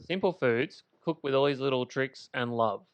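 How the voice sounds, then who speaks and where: Smooth-voiced man teasing his mates. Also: mid-range voice, normal speed, dry recording, dull audio. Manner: teasing, playful storyteller. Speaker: podcast co-host. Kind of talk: casual storytelling chat. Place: makeshift home podcast studio.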